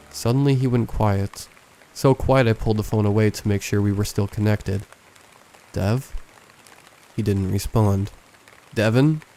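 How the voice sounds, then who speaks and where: Low warm-voiced guy reading creepy stories, slow and hushed, quiet music under it. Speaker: horror story narrator. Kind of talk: scripted narration. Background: faint background music.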